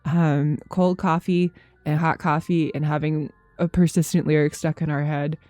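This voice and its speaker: A woman's voice: deep voice, steady tone, moderate pace, mellow, no echo, soft background music. A woman in her thirties streaming from home, chatting loosely with her viewers, rambling, swearing freely and laughing often. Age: 30s. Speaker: game streamer. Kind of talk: casual chat with live chat.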